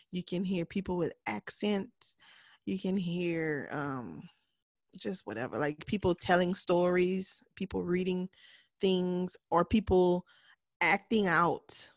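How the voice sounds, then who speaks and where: A woman's voice: fairly low pitch, no echo. Candid woman podcast host, dry sound. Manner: candid, laughs often, drops into a soft voice. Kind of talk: casual chat.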